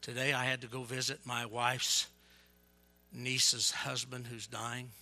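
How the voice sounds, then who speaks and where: A man evangelist preaching a sermon, telling stories with energy and yelling to get his point across. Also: medium pitch, takes it slowly, vocal fry. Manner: yells and gets fired up; animated storytelling.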